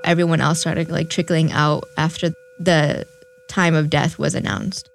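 A young woman sharing a personal recollection in an interview, speaking reflectively and haltingly with fillers and restarts. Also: deep voice, level tone, vocal fry, a little hiss or hum. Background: faint music.

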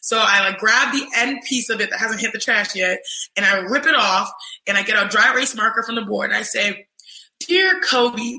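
A young woman telling an animated story in casual chat, acting out other people's voices in quotes. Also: fairly high pitch, normal speed. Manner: lively, mimics voices in quotes, says "you know what I'm saying". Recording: roomy echo.

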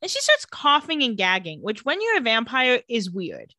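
A woman co-hosting a podcast, recapping a TV episode in casual, animated storytelling that is often broken up by laughter. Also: fairly high pitch, moderate pace, no echo, studio quality.

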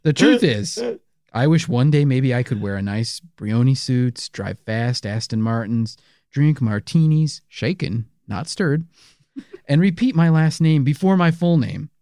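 A man's voice: medium pitch, animated, unhurried, warm tone, no room sound, clean studio sound. A man co-hosting a true-crime podcast, narrating casually with playful jokes. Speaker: podcast co-host.

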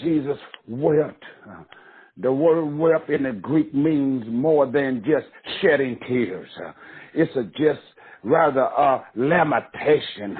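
Impassioned preacher on a tinny line. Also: male voice, mid-range voice, animated, slow pace, breathy edge. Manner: impassioned, rising to cries and chanted repetition. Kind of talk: sermon. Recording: tinny phone-line sound.

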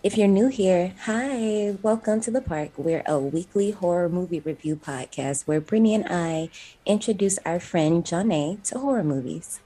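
A woman from the Midwest US hosting a podcast in casual chat, playful and slangy, quick to laugh. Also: lowish voice, mellow, husky. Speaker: podcast host.

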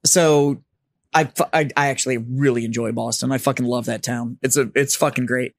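A man hosting a podcast, telling stories in a casual bar chat, animated and swearing freely. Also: mid-range voice, a little fast, creaky, dry recording, clean studio sound. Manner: animated storyteller, swears freely, mimics voices. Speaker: podcast host. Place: studio set up as a bar.

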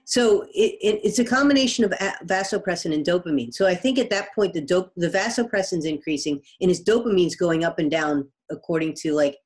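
A woman's voice: on the low side, lively intonation, brisk, hardly any pauses. A woman guest, a biology professor, explaining things in casual conversation with everyday examples. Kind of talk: conversational interview.

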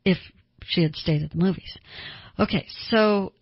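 Husky low-voiced woman therapist. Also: moderate pace, dry recording. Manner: conversational, acts out quoted people. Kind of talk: teaching talk. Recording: dull lo-fi sound.

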